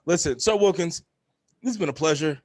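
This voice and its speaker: Animated man telling stories on a podcast. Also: brisk. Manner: animated storyteller, acts out quotes in a high voice; swears freely. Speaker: podcast host. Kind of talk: casual chat.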